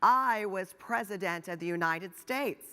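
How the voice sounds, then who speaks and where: A woman's voice: mid-range voice, a little slow, bright, forceful tone. A woman doing a plain-spoken departed president. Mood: matter-of-fact. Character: former male president arriving at heaven's gate. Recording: long hall reverb.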